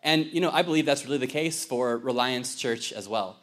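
Relaxed, joking young man preaching. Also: mid-range voice, moderate pace. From Ireland. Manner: conversational, joking, with many fillers. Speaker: visiting missionary pastor. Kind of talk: casual sermon. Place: church sanctuary.

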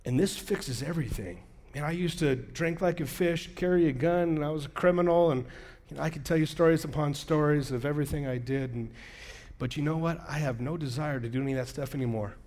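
A man's voice: a little high, a little fast, a little mellow. A male pastor giving a sermon in a casual, storytelling way, acting out the quoted dialogue of his anecdotes.

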